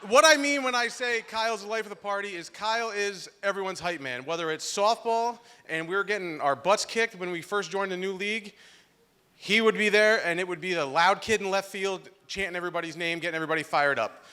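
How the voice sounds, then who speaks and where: A man's voice: sits high, fairly quick, clean tone. A young man giving a joking, heartfelt groomsman's toast at a wedding reception, speaking into a handheld microphone. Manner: loud, joking, emotional storytelling.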